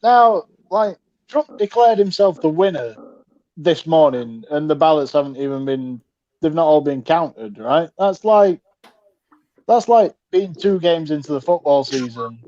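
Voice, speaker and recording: A man doing a quick comic bit in a casual chat, chatty and given to laughing mid-sentence. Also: fairly high pitch, expressive, warm tone, no echo, lo-fi sound. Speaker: comedian guest. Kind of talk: comic rant.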